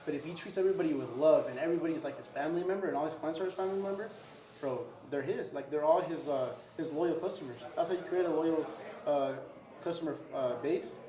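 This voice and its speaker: Fast-talking young man in an echoey room. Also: on the high side. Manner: animated, says "bro" often, acts out customer exchanges. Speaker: restaurant owner. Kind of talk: casual interview talk. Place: his restaurant.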